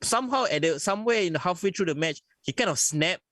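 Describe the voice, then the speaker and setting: A man's voice: high-pitched, lively intonation, fast talker, bright, forceful tone, no echo, studio quality. Laid-back, slangy male co-host. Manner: laid-back slangy banter, calls his co-host bro. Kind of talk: casual podcast chat.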